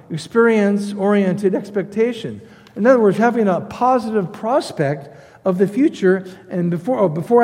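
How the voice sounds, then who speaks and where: A pastor preaching a sermon, emphatic, repeating key phrases and swinging between loud stresses and quiet asides. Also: male voice, high-pitched. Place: church sanctuary. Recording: long hall reverb.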